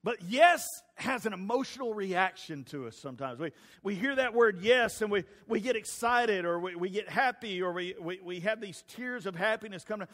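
A man's voice: high-pitched, expressive, normal speed, a bit bright. A man preaching a sermon, telling folksy family stories with stumbling restarts. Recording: long reverb of a large hall.

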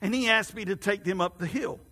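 A man's voice: high-pitched, fairly quick, sharp tone, slightly rough, exaggerated voice. A preacher doing a stammering, burdened workman. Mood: explaining. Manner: hesitant, stammering. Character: weary burdened man hauling stones for God. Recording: long hall reverb.

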